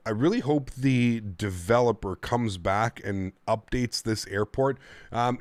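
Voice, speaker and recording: A man's voice: mid-range voice, no echo. A man streaming a flight simulator, chatting casually and thanking his viewers in a friendly way. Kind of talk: casual livestream commentary.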